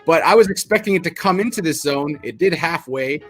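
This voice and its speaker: Animated, slightly high-voiced male trader. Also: fairly quick, soft background music. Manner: animated, acts out market reactions, restarts often. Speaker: crypto trader. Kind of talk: casual explanatory chat over charts.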